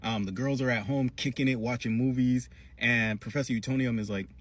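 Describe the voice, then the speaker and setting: Brief: male reviewer, husky, slangy casual recap, lively storyteller. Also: mid-range voice, a little fast. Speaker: cartoon reviewer.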